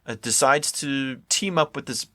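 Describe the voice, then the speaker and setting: A man's voice: medium pitch, moderate pace, pushed and bright, dry recording. A man co-hosting a podcast in casual chat, giving blunt, dismissive verdicts. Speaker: podcast co-host.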